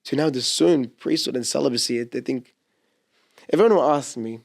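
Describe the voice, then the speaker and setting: Young man, gravelly voice, emotional and halting testimony on a podcast. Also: medium pitch, darkish tone. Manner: emotional, halting, with many restarts. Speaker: seminarian guest. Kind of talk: personal testimony in a podcast interview. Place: church podcast studio.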